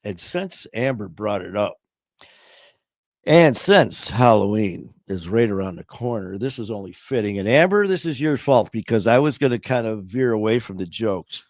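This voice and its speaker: A man's voice: fairly low pitch, expressive, moderate pace, dry recording, studio quality. A man hosting a livestream, chatting casually in a rambling, informal way full of fillers. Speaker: livestream host.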